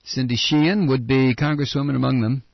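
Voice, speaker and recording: Sarcastic male radio host on a lo-fi, dry recording, with a husky edge and dull sound. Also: mid-range voice, fairly even intonation, normal speed, dry recording. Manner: sarcastic, ranting, reads news aloud. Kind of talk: opinionated talk radio monologue.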